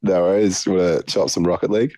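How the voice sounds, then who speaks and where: A man's voice: low-pitched, fairly even intonation, fast, mellow, no room sound. A young man co-hosting a casual podcast, dropping dry offhand one-liners and laughing a lot. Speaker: podcast co-host. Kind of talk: casual chat.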